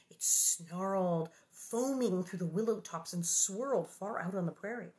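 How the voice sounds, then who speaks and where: A woman reading a children's novel aloud and breaking off into jokey, animated asides. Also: mid-range voice. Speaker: book reader and host.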